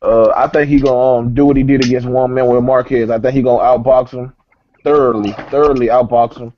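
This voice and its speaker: A man's voice: mid-range voice, steady tone, a little fast. A man giving casual boxing picks on a call, slangy and often asking if he's understood. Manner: slangy, keeps asking "you know what I'm saying". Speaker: co-host analyst. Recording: lo-fi online call with faint hiss.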